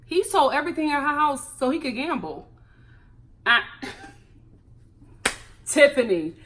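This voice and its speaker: A young American woman with a high, bright voice and a pitch that swings widely. She reviews a reality show in a sassy, animated way and laughs often. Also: slow. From United States. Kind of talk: casual reality TV commentary.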